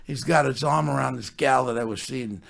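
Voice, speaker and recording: A man's voice: mid-range voice, a little fast, creaky, a bit bright. An older man, telling brash, profanity-filled stories and acting out other people's lines. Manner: brash, swears constantly, acts out other people's voices. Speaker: podcast host telling stories. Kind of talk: profane storytelling chat.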